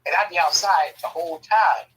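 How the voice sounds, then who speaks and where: Man, casual profane storyteller, husky edge, bright forward tone. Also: sits high, a little fast, low-quality recording. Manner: profane, animated, laughing.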